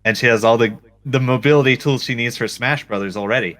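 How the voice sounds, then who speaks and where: A man co-hosts a casual gaming podcast with a bright, forward voice at a middling pitch. He talks in a playful, jokey way and tells his stories with animation. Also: quick pace. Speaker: podcast co-host.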